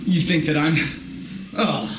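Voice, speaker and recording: A man's voice: a little high, unhurried, echoey room, noisy background. A man acting out a smarmy, hesitant come-on in an improvised bar scene.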